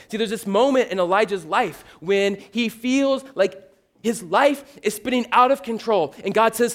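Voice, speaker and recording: A pastor preaching a sermon in a conversational, earnest manner with playful asides. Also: male voice, sits high, moderate pace.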